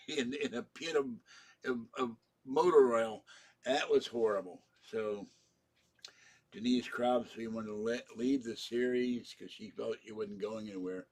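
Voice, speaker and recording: A man's voice: medium pitch, darkish tone. An older man hosting a live stream, rambling through strong opinions in a grumbling, casual way. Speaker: channel host.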